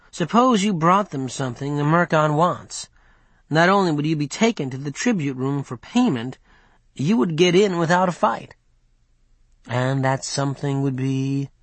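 A man reading an audiobook, voicing a calm, wry, defiant young male hero. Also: a little high, dry recording.

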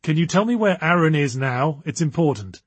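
A man voicing a cautious, quick-thinking young woman who speaks in a hesitant, reassuring way. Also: a little high, lively intonation, slightly rough, dry recording.

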